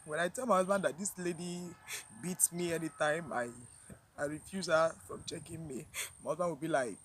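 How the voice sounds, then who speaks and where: A woman tells a personal story to her viewers, emotional and near tears, halting and repeating herself with sighs. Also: low-pitched, slight background noise, poor audio. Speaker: vlogger.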